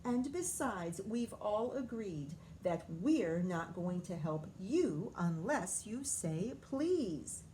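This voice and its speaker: A woman reading aloud and voicing a calm, firm snail secretary who refuses to obey without a please. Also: medium pitch, slow pace, hardly any pauses, a little hiss or hum. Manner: calm and steady.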